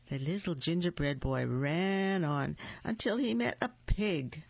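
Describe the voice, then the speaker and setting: A woman reading children's books aloud in a deliberate, expressive way. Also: low-pitched, vocal fry, dry recording. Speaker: storybook reader. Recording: dull lo-fi recording.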